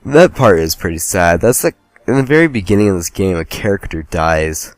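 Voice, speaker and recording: A man's voice: sits low, animated, normal speed, no room sound, soft background music. A man casually commenting on a game as he plays, rambling and joking at himself. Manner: rambling, joking, self-deprecating. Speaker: let's play host.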